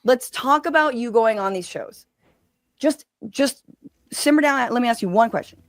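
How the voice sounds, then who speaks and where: A woman in a heated debate cuts in and repeats herself to push her point through. Her voice is high and close, recorded dry with almost no room sound. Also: lively intonation, normal speed, no room sound. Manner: interrupting, combative, repeats herself. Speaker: panelist in a debate. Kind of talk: argumentative debate.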